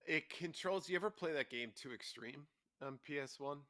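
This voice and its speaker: A man's voice: fairly high pitch, normal speed, bright, forceful tone, no room sound, studio quality. A man co-hosting a gaming podcast in casual chat, laid-back, laughing often and swearing freely. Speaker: podcast co-host.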